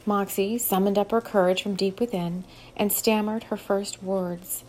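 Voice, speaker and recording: Steady woman narrating a story. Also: medium pitch, measured pace, slight background noise. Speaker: audiobook narrator. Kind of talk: scripted narration.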